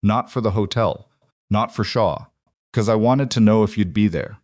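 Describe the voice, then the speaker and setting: A man reading the lines of a reserved, careful crime boss, spoken slowly and evenly in his own voice. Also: on the low side, no echo, clean studio sound, close to an everyday voice. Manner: slow, even, careful wording.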